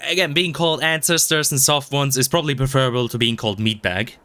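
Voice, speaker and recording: A man's voice: medium pitch, fairly even intonation, fast talker, bright, forceful tone. A man streaming a video game, chatting in a rambling, self-mocking way, swearing a lot and stumbling over his words. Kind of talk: casual gameplay commentary. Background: game music.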